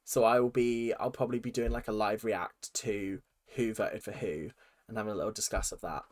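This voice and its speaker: A young man with an excitable, gushing, chatty manner, giving casual reaction commentary as a video host. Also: lowish voice, fairly quick, slight background noise.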